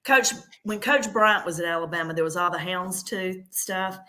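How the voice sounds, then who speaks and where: A middle-aged woman from the South hosts a casual chat. She tells stories in an animated way, with a bright, clear tone. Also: lowish voice, normal speed. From American South. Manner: animated storyteller, drawling. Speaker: host.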